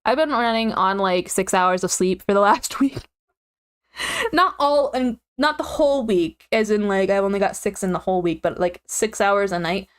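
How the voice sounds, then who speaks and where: A woman's voice: moderate pace, clean tone. A young woman streamer chatting casually with her viewers, giggling often, tired and yawning. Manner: chatty, giggly, animated swings in pitch.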